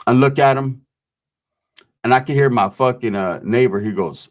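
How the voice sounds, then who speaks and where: A man spins a prison story in rough, profane street slang, dropping into the voices of the people in it. His pitch sits at a medium level for a man. He talks in a casual, storytelling way. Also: moderate pace. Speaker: host telling prison stories.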